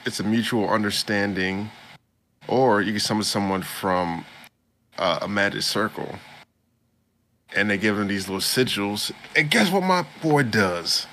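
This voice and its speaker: Gravelly guy rambling through an episode recap, kinda bright tone, low voice. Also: a little hiss or hum. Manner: rambling, slips into quoted voices. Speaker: podcast co-host.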